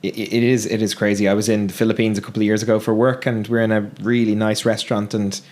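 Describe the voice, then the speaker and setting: A man hosting a podcast, with a lowish voice and an easy, conversational manner. He asks his guest questions and laughs along. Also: little pitch movement, quick pace, a little mellow. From Ireland. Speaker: podcast host. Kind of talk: casual interview.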